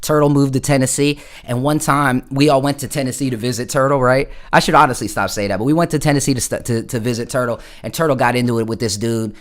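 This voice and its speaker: A man's voice: medium pitch, fairly even intonation, fast, hardly any pauses. Casting: a man from Florida, loose musician hosting a livestream, swears a lot, rambles, calls everyone bro. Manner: rambling, profane storytelling, full of "bro". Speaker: musician streaming live. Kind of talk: casual livestream chat.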